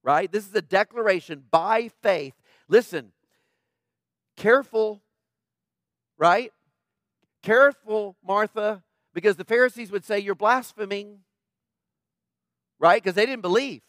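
A man's voice: high-pitched, a little slow, pauses often, fairly bright tone, no room sound, clean studio sound. A man preaching a conversational sermon, emphatic and plainspoken, often checking in with the listeners. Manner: emphatic, tags points with "right?". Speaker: pastor.

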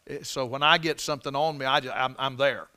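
A man's voice: mid-range voice, steady tone, brisk, bright, forceful tone. A man preaching a sermon, telling folksy stories with repeated and restarted phrases and building to emphatic peaks on scripture. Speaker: pastor.

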